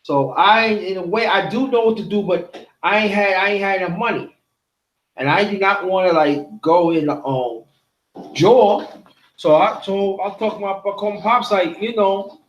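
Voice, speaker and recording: A man hosting a casual chat, telling a personal story in halting bursts and often repeating his words. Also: high voice. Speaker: host. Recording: roomy echo.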